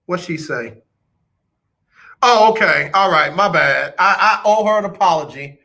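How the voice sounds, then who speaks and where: Playful, bright-voiced male radio host. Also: high voice, expressive, measured pace, gravelly. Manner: playful, teasing, talks straight to listeners. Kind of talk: casual joking radio chat.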